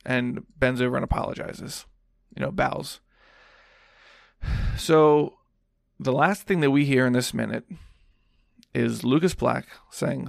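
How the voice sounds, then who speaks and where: A man's voice: medium pitch, fairly even intonation, moderate pace, gravelly, pauses often, dry recording, studio quality. A man hosting a podcast alone, recapping a film scene in a rambling, casual way with lots of fillers. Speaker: podcast host.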